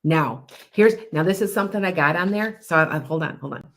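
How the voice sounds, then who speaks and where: A woman with a slightly low voice hosts a live psychic podcast. She talks in a loose, rambling way, circling back and repeating phrases as she reads out and answers viewers' comments. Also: fairly quick, a little hiss or hum. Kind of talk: casual live-stream chat.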